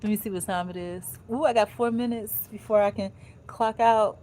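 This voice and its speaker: A woman talks casually in a warm, mellow voice and mixes reading aloud with chatty, joking asides in relaxed colloquial speech. A faint hiss runs behind her. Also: medium pitch, fairly quick, poor audio. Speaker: vlogger.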